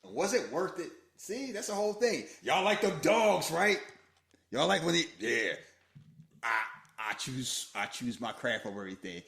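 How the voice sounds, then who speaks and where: A man co-hosting a podcast, chatting casually about a movie and jumping into high falsetto voices for its lines. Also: very animated, moderate pace, gravelly, fairly bright tone. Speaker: podcast co-host. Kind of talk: casual movie commentary chat.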